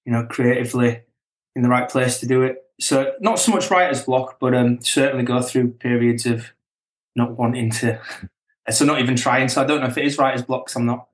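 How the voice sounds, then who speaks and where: A man's voice: medium pitch, fairly quick. Laid-back man in an echoey room. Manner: relaxed, chuckling, self-correcting. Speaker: band member, guest. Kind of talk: casual chat.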